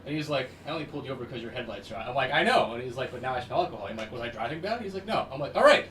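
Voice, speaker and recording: A man casually telling profane, animated stories on a podcast, laughing as he goes. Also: mid-range voice, very fast. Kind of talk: casual storytelling. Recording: distant roomy mic with background noise.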